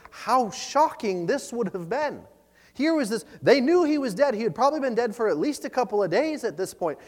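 Animated male preacher in a reverberant hall. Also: sits high. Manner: animated storytelling with frequent restarts. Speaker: pastor. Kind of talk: sermon. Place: church sanctuary.

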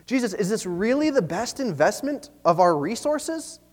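Preacher voicing a nervous disciple, voice goes up high, pleading, echoey hall. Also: male voice, very animated, normal speed. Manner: anxious, pleading, questioning. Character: worried, reasonable male disciples, adult men. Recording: long reverb of a large hall.

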